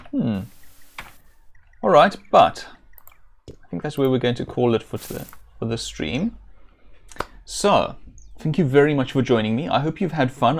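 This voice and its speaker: Playing a video game on stream, a man offers casual, rambling let's-play commentary full of dry jokes that amuse himself. His voice is medium-pitched and gravelly.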